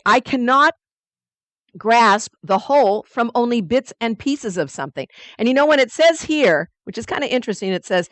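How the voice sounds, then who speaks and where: Brief: woman study group leader, higher voice, animated and chatty, dry close sound. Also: brisk, no room sound. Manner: lively and conversational, with playful asides. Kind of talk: teaching a weekly study group.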